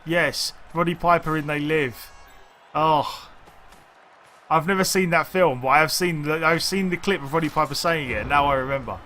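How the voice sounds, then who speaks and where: A man's voice: on the high side, normal speed, sharp tone. A man streaming a video game, chatting casually with viewers and thinking aloud in rambling, restarting sentences. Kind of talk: casual chat while gaming.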